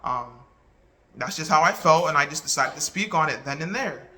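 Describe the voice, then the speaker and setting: A man talking casually to the camera, recounting a falling-out in an earnest, halting way with many restarts. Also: a little high, expressive, sharp tone, a little hiss or hum. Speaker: vlogger.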